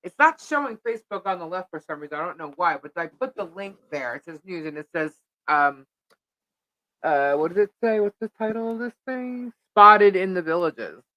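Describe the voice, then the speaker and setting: A middle-aged woman co-hosting a live podcast, chatting casually and telling an animated story in which she acts out what people said. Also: fairly low pitch, normal speed, dry recording, rough recording. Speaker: podcast co-host.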